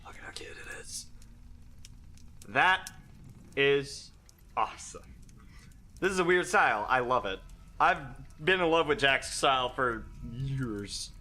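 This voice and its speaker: A man streaming a visual novel live, reading along and reacting in an excitable, giggly way. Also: medium pitch, takes it slowly, pauses often. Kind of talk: live let's-play commentary.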